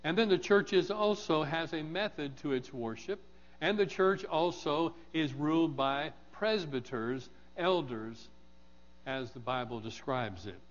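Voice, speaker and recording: A man preaching a morning sermon, measured and deliberate, repeating key phrases with emphasis. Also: on the high side. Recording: dull sound in a reverberant hall.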